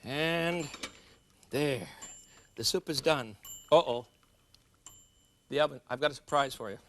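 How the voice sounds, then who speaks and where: A man's voice: mid-range voice, unhurried, fairly bright tone. A middle-aged man hosting a cooking show, chatting and joking with viewers as he demonstrates a recipe. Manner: chatty, jokes with viewers, laughs at himself. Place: studio kitchen.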